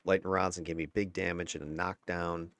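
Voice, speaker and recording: A man with a very low, deep voice talks through recorded gameplay in a casual, candid way. He chuckles now and then and swears lightly, and the sound is dry and close, with no room echo. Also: level tone, brisk, a bit bright. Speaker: gameplay commentator. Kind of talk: casual gameplay breakdown commentary.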